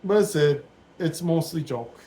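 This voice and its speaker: A man's voice: a little high, lively intonation, measured pace, dark tone, rough recording. A man in his forties giving casual, rambling commentary while he builds a Lego set at home, thinking aloud as he goes. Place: dim room at home.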